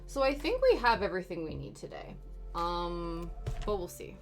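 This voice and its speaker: Give me a young woman streaming her nail session, casual and rambling, with quiet background music. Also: lowish voice, very animated, moderate pace. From Canada. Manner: chatty, rambling, with frequent ums and laughs. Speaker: livestreamer. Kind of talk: casual chat while doing nails. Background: soft background music.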